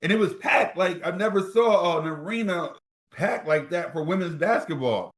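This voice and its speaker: A man's voice: high voice, moderate pace. A middle-aged man from New Jersey, a former college football player telling stories as an interview guest and acting out quoted dialogue. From New Jersey, USA. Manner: animated storyteller who acts out quoted dialogue. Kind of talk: storytelling in an interview. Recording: roomy echo.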